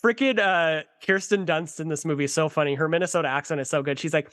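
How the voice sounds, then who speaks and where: A young man talking animatedly as a podcast guest, gushing in quick bursts. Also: on the high side, a bit bright. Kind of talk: casual chat.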